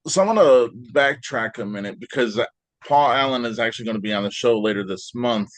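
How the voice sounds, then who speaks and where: A man hosting an interview, asking questions in a relaxed, casual way and starting with "uh". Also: mid-range voice, a little fast, no room sound. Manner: relaxed, laughs along, filler "uh" before questions. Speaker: interview host.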